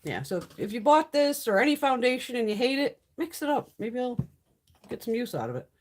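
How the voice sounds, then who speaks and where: Woman hosting a casual beauty haul stream, chatty and salty-mouthed, with a very animated voice that jumps all over. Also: on the high side, brisk. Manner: chatty, blunt, swears freely. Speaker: beauty livestream host. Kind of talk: casual live-stream chat.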